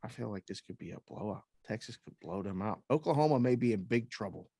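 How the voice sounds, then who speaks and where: Male podcast co-host, dry close sound, jokey animated betting banter. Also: on the low side, fast talker, vocal fry, husky, no room sound. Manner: animated, jokey, self-mocking. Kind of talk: casual sports betting chat.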